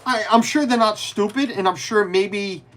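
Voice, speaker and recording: A man's voice: high voice, normal speed, a bit bright. Rambling man chatting on a live stream. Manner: rambling, many restarts, answers viewers by name; mutters to himself while fiddling with pieces. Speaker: livestreamer. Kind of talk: casual live-stream chat while building.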